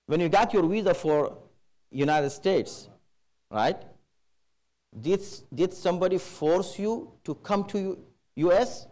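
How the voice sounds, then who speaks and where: High-voiced male preacher, measured and emphatic. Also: a little mellow. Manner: measured, emphatic, with Arabic terms. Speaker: preacher at a religious gathering. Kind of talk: religious lecture. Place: Islamic center hall.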